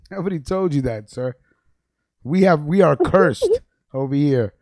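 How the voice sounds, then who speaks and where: A male show host with a high, very lively voice, laughing his way through casual banter. The sound is dry and close, with almost no room. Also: takes it slowly, no echo. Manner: animated storytelling, laughs often.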